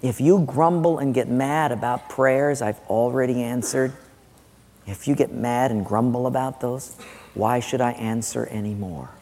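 A man voicing God in a sermon, speaking calmly and quietly in a firm, gently rebuking way. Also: mid-range voice, a little slow, long reverb tail, pitched below the performer's own voice.

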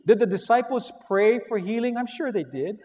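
A man's voice: high-pitched, moderate pace, mellow. A middle-aged man preaching a sermon as a pastor, telling stories with animation and acting out quotes. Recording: long hall reverb.

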